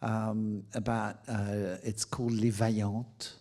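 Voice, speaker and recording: A man from France with a French accent, a native French speaker and actor, answering audience questions in a playful, expressive way. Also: on the low side, slow pace. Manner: playful, expressive, laughs often. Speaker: guest author and actor. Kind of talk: audience Q&A conversation.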